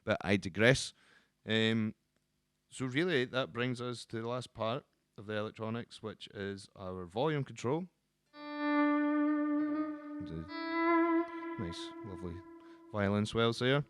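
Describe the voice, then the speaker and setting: A man who works as a guitar teacher, explaining the instrument in a relaxed, casual way with frequent ums and restarts. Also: fairly low pitch, slow pace, long pauses.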